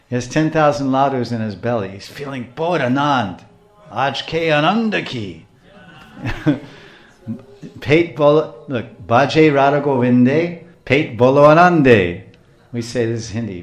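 A man giving a devotional talk, telling stories in a lively way, dropping to a hush and rising to loud bursts, laughing often. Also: mid-range voice. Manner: animated, swings from hushed to loud, laughs often. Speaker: spiritual speaker. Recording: echoey room.

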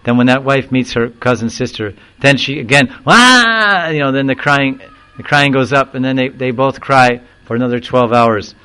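A man delivering a spiritual talk at a mid-range pitch. He explains scripture, then slips into lively storytelling, mimicking the characters with a chuckle here and there. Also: clean tone, low-quality recording. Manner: animated storyteller who acts out quoted voices and chuckles; recites Sanskrit verse slowly, then explains it. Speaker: spiritual teacher. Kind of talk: devotional discourse with storytelling.

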